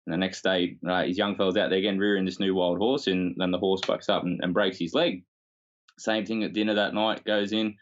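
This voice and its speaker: Male podcast host, very low voice, slightly dull audio, reflective and rambling. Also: fast. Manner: reflective, rambling with filler words. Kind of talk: casual conversation.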